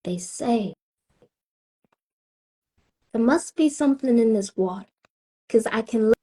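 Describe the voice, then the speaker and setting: A spoken word poet from Tampa, Florida, a woman with a Southern accent, delivering her lines in a slow, rhythmic way with weighty pauses. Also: fairly high pitch, expressive, dark tone, breathy edge. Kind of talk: spoken word poetry performance.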